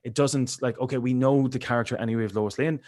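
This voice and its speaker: A man co-hosting a casual film podcast, animated and acting out reactions. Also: mid-range voice, fast talker. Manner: animated, acts out reactions with big voices. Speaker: podcast co-host. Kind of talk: casual chat over video call.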